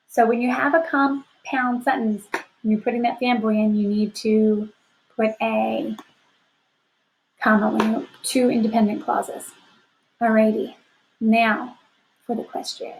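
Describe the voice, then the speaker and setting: A woman's voice: on the high side, level tone, a little slow, long pauses, a little hiss or hum, poor audio. A woman teaching a fourth grade class in a recorded lesson, upbeat and encouraging, often checking in with "right?". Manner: upbeat, encouraging, asks rhetorical questions. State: sleepy, yawning. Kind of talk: remote class lesson to children.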